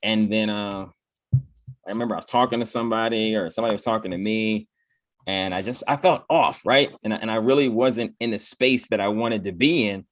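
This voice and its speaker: This man is a motivational speaker giving a relaxed talk, acting out his own inner voice in quotes and ending nearly every point with "right?" His voice is fairly low and brisk, captured in studio quality with no room sound.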